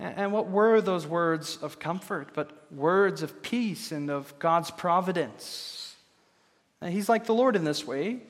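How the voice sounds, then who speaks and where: A man preaching a sermon as pastor, measured and steady, posing rhetorical questions to his congregation. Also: high-pitched. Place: church sanctuary. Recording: long reverb of a large hall.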